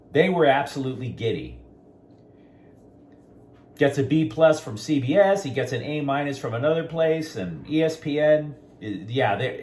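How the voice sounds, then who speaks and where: A man's voice: mid-range voice, slight background noise. A man hosting a sports talk show, giving outspoken, opinionated commentary straight to his viewers.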